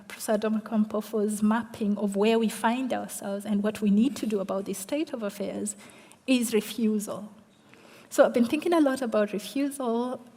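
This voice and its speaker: Woman giving an academic lecture, mellow voice, long echo off the hall. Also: mid-range voice. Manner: measured, adds tag questions and repeats words. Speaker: lecture respondent, literary studies scholar.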